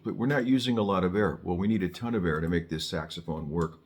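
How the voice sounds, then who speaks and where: An older man gives a relaxed saxophone lesson. His voice sits very low, and he talks in a chatty way, full of jokes and restarts. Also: brisk, few pauses. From Southern California. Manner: chatty, joking asides, frequent restarts. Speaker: saxophone teacher. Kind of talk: casual on-camera music lesson.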